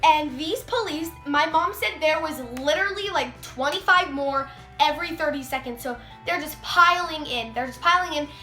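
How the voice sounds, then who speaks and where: A woman's voice: sits high, normal speed, bright, forceful tone. A teenage girl vlogging a story in a chatty way, full of "like", acting out quotes. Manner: chatty, heavy use of "like", acts out quotes. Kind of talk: casual storytime vlog. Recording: echoey room, faint music.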